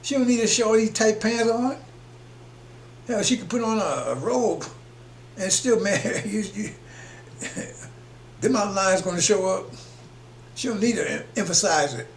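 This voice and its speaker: A man's voice: sits high, lively intonation, unhurried, pauses often. A man preaching on a broadcast in an emphatic, rambling way, chuckling between his points. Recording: echoey room with faint hum.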